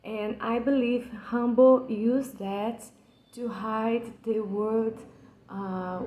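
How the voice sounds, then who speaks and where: This Brazilian woman hosts a channel and speaks English as a second language with a Brazilian Portuguese accent, her voice on the high side, mellow, and fairly even in intonation. She explains a poem very slowly and earnestly, passionate yet hesitant, with many fillers and restarts. The low-quality recording is reverberant.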